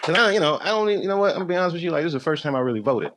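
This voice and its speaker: A man performing a stand-up comedy routine for a live audience, animated and excitable. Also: fairly high pitch, racing, a loud crowd, very noisy. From United States. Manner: animated, swings into loud excited bursts.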